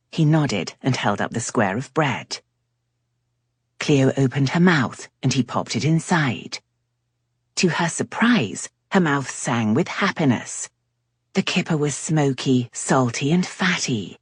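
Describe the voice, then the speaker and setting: Very low, breathy woman narrator. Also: no echo. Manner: measured, even storytelling. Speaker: audiobook narrator. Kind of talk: scripted narration.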